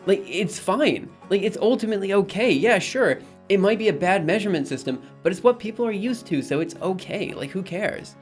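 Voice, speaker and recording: A man's voice: high-pitched, expressive, brisk, few pauses, soft background music. A young man rambling in casual live-stream chat, reading messages aloud and repeatedly insisting things are fine. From United States. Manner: rambling, reads chat aloud, exasperated but reassuring.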